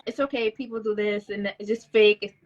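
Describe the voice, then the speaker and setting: A woman's voice: medium pitch, steady tone, brisk, muffled recording, noisy background. A woman guest on a podcast in casual conversation, chatting freely and acting out what people said. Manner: chatty storyteller, acts out quoted dialogue.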